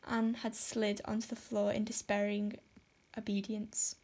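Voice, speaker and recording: A woman reading a classic novel aloud as narrator, in a measured way. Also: mid-range voice, monotone, a little mellow. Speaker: audiobook narrator. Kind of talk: storybook narration.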